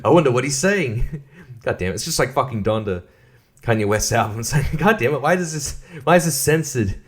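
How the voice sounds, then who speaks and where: A man's voice: medium pitch, lively intonation, a little fast, breathy edge. A man hosting a solo podcast, rambling and swearing freely, laughing often and stumbling over restarts. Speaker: podcast host.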